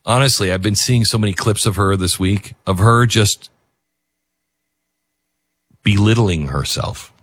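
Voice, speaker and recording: A man's voice: lowish voice, unhurried, long pauses, fairly bright tone, slightly rough, no room sound. A man hosting a talk show, speaking emotionally and rambling, with many restarts. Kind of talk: casual talk radio commentary.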